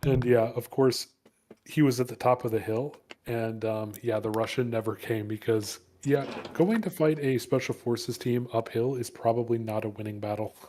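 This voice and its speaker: A man's voice: medium pitch, steady tone, moderate pace, mellow, slight background noise. A man chatting while gaming, laid-back, answering with short agreements and telling profane stories. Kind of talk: casual chat while gaming.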